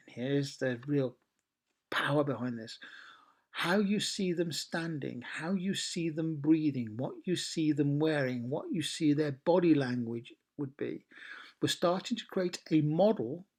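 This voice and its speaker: A man's voice: fairly high pitch, darkish tone. A man coaching a training session, working through ideas in lists and asking the group questions. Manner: questioning, listing with many pauses.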